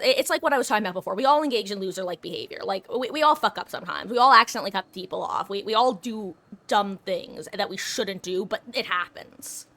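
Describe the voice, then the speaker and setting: A woman streaming live, talking loosely and candidly about her game between moments of play. Her voice is bright and forward, set at a middling pitch. She wanders from thought to thought and drops casual swears along the way. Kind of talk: casual chat while gaming.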